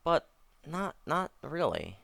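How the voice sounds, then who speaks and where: A man's voice: fairly high pitch, big pitch swings, takes it slowly, gravelly, bright, forceful tone, dry recording. A man doing casual let's-play commentary, rambling and correcting himself, with wry asides. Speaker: gameplay commentator.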